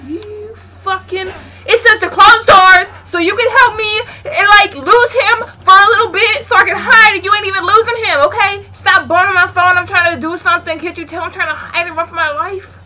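A woman giving let's play commentary, frantic and swearing, yelling at game characters and dropping to a hushed mutter while hiding. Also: very high voice, fairly even intonation, moderate pace, crowd noise. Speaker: gaming channel host.

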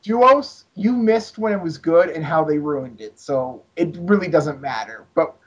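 A man's voice: a little high, expressive, unhurried, dull audio. A man co-hosting a wrestling podcast, wry and casual, swearing freely. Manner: wry, swears, keeps count of felonies. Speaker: podcast co-host. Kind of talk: casual chat.

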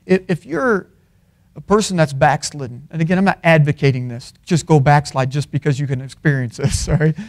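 In a college chapel, a man with a high-pitched voice delivers a brisk sermon. He swings between loud, emphatic peaks and low, quiet asides.

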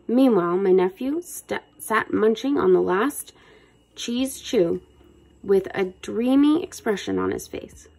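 A woman reading a children's chapter book aloud in a lively way, chatting to her young listeners as guys. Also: medium pitch, creaky, poor audio. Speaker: children's book reader, channel host. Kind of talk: read-aloud storytelling for kids.

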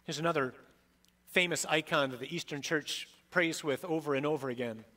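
A middle-aged priest preaches with emphatic, dramatic delivery, swinging from loud peaks to soft drops. His voice is on the high side and his pace fairly quick.

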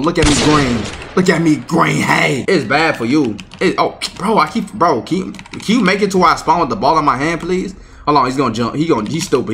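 A young man giving loud, slangy, trash-talking commentary while playing a basketball video game. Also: fairly high pitch. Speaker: gaming YouTuber. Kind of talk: gameplay commentary.

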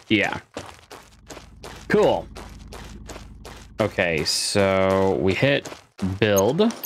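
Slow, deep-voiced man muttering through a game. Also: a little hiss or hum. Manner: mutters while figuring things out, swears when frustrated. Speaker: gamer playing a space survival game. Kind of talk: casual let's-play commentary.

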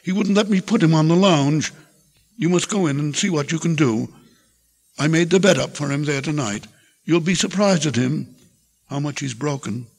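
Weary, tender farm wife, read by an older man: soft and pleading, raspy grain, reverberant lecture-hall tape. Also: on the high side, moderate pace. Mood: gentle pleading. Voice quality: gravelly, husky voice.

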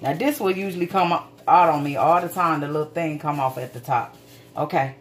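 Woman hosting a relaxed home cooking video, talking warmly and loosely to her viewers with the odd curse. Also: deep voice, a little fast, background noise. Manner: chatty, folksy, calls viewers sweet babies, swears casually. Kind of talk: casual cooking demonstration. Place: home kitchen.

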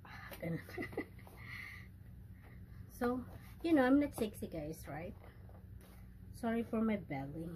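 A woman with a Filipino accent, chatting excitedly and slipping in Tagalog words while unboxing a package for her vlog in a room indoors. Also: medium pitch, normal speed, pauses often, slight background noise. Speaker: vlogger.

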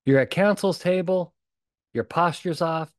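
His voice is on the high side and a little slow, captured dry at studio quality. This man hosts a solo podcast, delivering blunt, emphatic, animated talk packed with punchy repetition.

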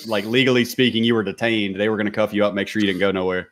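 A man's voice: fairly low pitch, flat delivery, rapid-fire. A man talking as a guest on a podcast, blunt and laid-back, with a lot of casual slang.

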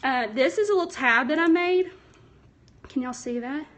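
A woman's voice: high voice, normal speed, fairly bright tone. A young woman, chatty and a little nervous, hosting a casual craft livestream from home and answering viewer comments. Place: home, indoors. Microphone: phone.

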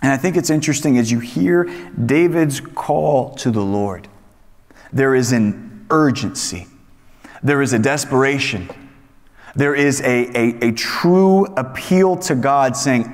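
Man, Bible study teacher, mid-pitched voice, animated sermon, long hall reverb. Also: moderate pace. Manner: animated, acts out voices in examples.

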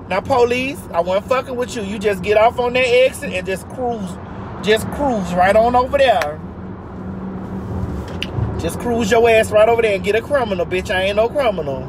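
A woman's voice: mid-range voice, animated, moderate pace. A woman, ranting brashly and playfully with lots of profanity as she vlogs from her car in traffic. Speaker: vlogger. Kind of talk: casual driving vlog rant. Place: inside a car in city traffic. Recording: loud car and road noise.

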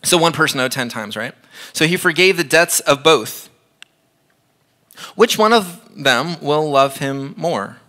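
A man's voice: on the high side, expressive, measured pace, sharp tone. A man in his thirties preaching a sermon in a church, conversational and emphatic, repeating phrases for effect. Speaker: pastor.

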